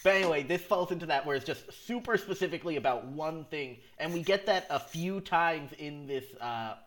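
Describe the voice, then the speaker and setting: A man's voice: on the high side, lively intonation, fairly quick, a little hiss or hum. A man co-hosting a podcast, recapping a comedy sketch in casual chat, rambling with frequent laughs and restarts. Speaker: podcast co-host.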